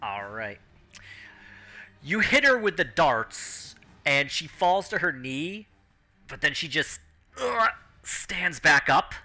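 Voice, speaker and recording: Lively bright-voiced man running a game. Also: a little high, takes it slowly, long pauses. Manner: animated, acts out crowd and announcer. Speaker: game master. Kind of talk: narrating a tabletop game.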